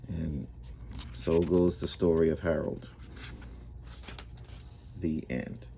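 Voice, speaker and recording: A man with a very low, dark, mellow voice tells a story casually. He speaks in a relaxed way and often restarts and repeats his words. Faint noise sits behind him. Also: slow pace, creaky, pauses often.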